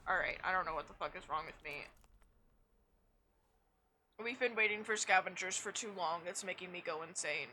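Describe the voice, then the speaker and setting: A woman's voice: on the low side, normal speed, pauses often, pushed and bright, a little hiss or hum. A young woman streaming a game, chatting casually, swearing freely and poking fun at herself. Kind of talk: casual gameplay chat.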